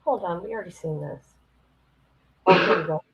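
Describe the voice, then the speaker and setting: A woman's voice: on the low side, moderate pace, lo-fi sound, background noise. A woman streamer giving blunt live commentary on court footage, talking straight to her viewers.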